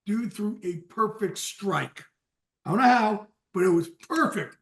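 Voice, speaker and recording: A man with a high, bright voice tells a story on a sports podcast. He is animated and keeps breaking into laughter. He talks casually, as a guest would. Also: unhurried. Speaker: guest football insider. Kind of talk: casual anecdote telling.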